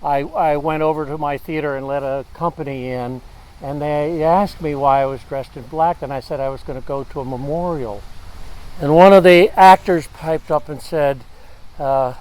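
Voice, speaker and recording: A man's voice: on the high side, a little mellow, poor audio. Man sharing earnest memories at a memorial. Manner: earnest, halting remembrance. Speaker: memorial speaker. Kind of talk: personal eulogy.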